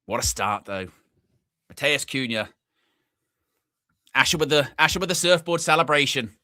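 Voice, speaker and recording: A young man hosting a live football watchalong, chatty and excitable, shouting when his team scores. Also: medium pitch, normal speed, no echo, studio quality. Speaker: fan watchalong host.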